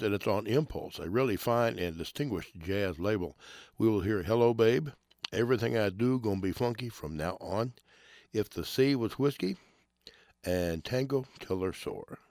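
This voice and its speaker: A man hosting a music program, introducing songs in relaxed, musing commentary and pausing now and then to recall details. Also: lowish voice, dry recording, clean studio sound. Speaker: radio music host.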